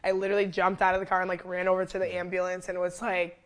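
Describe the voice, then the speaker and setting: A young woman, a fitness coach, telling a story in a casual interview, animated and full of fillers, who jumps loud and high when quoting herself. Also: fast. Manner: animated, lots of fillers, acts out quotes loudly. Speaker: fitness trainer and wellness coach, guest.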